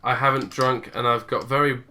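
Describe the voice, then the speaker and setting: A man's voice: mid-range voice, level tone, fairly quick, bright, forceful tone, a little hiss or hum. A man co-hosting a podcast in a rambling, casual chat, tired with a dry, sore throat. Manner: chatty, rambling, self-interrupting. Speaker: podcast co-host.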